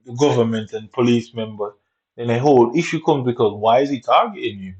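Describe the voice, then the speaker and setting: A man's voice: mid-range voice, brisk, darkish tone, muffled recording. A man with a Jamaican accent, ranting angrily over gameplay, swearing constantly and using street slang. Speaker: gamer.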